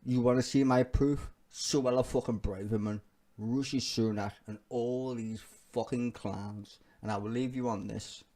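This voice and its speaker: A man's voice: mid-range voice, steady tone, unhurried, warm tone. A man giving ranting political reaction commentary, profane, heated and emphatic, often laughing as he talks. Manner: laughs often while talking.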